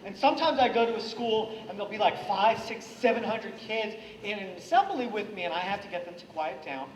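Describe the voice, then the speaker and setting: Energetic man talking to students, echoey hall. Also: high voice, fairly quick, distant mic, a little hiss or hum. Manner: energetic, gets the audience to repeat lines. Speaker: anti-bullying presenter. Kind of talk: school assembly talk. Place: school hall or classroom.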